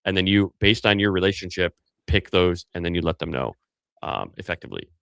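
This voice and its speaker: A man's voice: low-pitched, lively intonation, brisk, creaky, fairly bright tone, dry recording. A man co-hosting a business podcast, giving emphatic casual advice, listing points and rephrasing as he goes.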